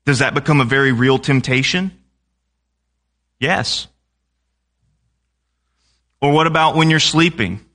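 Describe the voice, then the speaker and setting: Bright-voiced young male preacher. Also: medium pitch, unhurried, pauses often. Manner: conversational, asks the congregation questions. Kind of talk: sermon.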